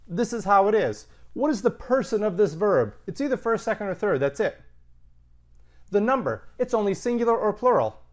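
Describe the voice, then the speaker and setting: Man, Latin teacher, video lesson, emphatic, chatty asides, slightly high voice. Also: very animated, normal speed. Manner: conversational, emphatic, punchy asides.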